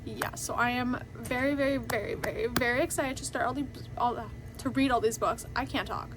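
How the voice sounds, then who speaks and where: Gushy woman book vlogger, kinda high voice, says so so so excited a lot. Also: noisy background. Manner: gushing, excitable, repeats words for emphasis; sounds out fantasy names slowly, stumbling and laughing. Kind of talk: casual vlog chat.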